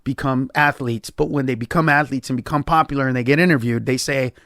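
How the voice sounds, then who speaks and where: A man, a comedian guest on a podcast, telling a story in an emphatic, profane way and acting out quoted lines with sudden jumps in pitch. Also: fairly even intonation, quick pace, a bit bright, no room sound, clean studio sound.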